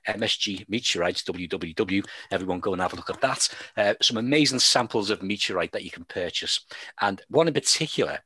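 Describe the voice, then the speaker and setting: A man's voice: lowish voice, pushed and bright, slightly rough, no echo. A man with a Liverpool accent hosting a radio show, chatting with a guest over a video call and telling long stories full of fillers and restarts. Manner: rambling storyteller, many fillers and restarts. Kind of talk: casual chat with a guest.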